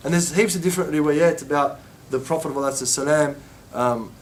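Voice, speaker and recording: Man teaching, animated storytelling. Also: very fast, a little hiss or hum. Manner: acts out quoted voices with rising pitch, many restarts. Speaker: religious teacher. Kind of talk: informal lesson storytelling.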